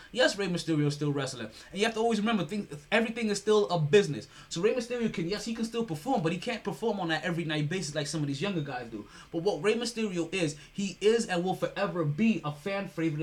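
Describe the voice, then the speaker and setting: High-voiced, animated sports podcast host. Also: male voice. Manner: animated, repetitive restarts, laughs and swears when excited. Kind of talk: casual sports podcast monologue.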